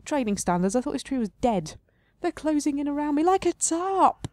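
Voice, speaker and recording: A woman's voice: high-pitched, very animated, normal speed, a little mellow, no room sound. A woman hosting a game playthrough, reading the text aloud and adding playful, self-mocking asides. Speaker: let's play host.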